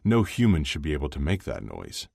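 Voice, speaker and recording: A man's voice: rumbling low, wildly swooping pitch, fairly quick, creaky, darkish tone, dry recording, studio quality, full character voice. A man voicing a cheerful young male hockey player who teases his friend. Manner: teasing, laughing easily.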